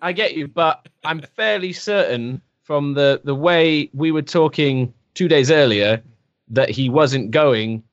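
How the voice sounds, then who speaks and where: A man co-hosting a podcast, talking earnestly with halting restarts. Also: on the high side, no room sound, lo-fi sound. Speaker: podcast co-host. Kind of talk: casual chat.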